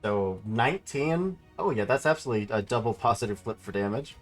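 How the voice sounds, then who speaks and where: Male game master for a streamed tabletop game, relaxed narration, faint background music. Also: medium pitch, brisk.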